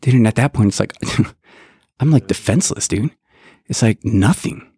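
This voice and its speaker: A man's voice: fairly low pitch, expressive, normal speed, dark tone, slightly rough, no room sound, studio quality. Earnest man who keeps saying dude. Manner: earnest, says "dude" constantly. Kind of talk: casual testimony chat.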